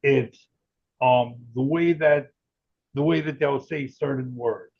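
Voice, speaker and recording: A gravelly, husky-voiced man talks at an even middle pitch as an interview guest, explaining things in a loose, rambling way. The audio is dull and lo-fi. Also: slow. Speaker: guest, tech founder.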